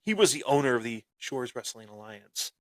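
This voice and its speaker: A man hosting a wrestling podcast and telling a story with boastful heel bravado. He breaks into sudden loud bursts and often repeats and restarts his phrases. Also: medium pitch, animated, normal speed, no echo. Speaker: podcast host.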